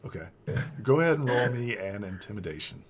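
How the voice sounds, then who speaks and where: A man runs a tabletop game in a loose, chatty way, his pitch rising and falling a lot. Faint noise sits under his voice. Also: lively intonation, brisk. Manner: loose and chatty, many fillers like "like". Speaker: game master.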